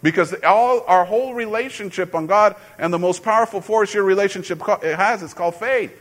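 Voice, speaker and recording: A middle-aged man, a pastor, preaching a sermon in a conversational, storytelling way with sudden loud emphasis. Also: high voice, fairly quick.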